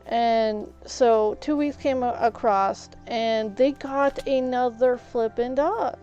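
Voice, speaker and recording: A woman's voice: on the high side, slow, mellow, highs cut off, faint music behind. A woman streaming a game, casually telling a long rambling story and retelling conversations with "I was like".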